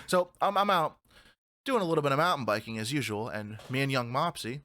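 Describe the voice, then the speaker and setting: Excitable bright-voiced man telling stories. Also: mid-range voice, brisk, no echo. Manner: animated, swearing, acts out his own shouts in stories. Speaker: podcast co-host. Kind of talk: casual chat, storytelling.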